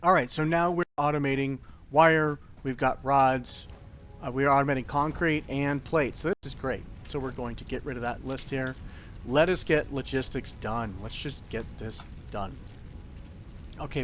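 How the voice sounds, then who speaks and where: A man's voice: medium pitch, fairly even intonation, moderate pace, a bit bright, lo-fi sound, a little hiss or hum. A young man giving casual, rambling tutorial commentary while playing a factory-building game, with self-deprecating asides. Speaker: gaming YouTuber.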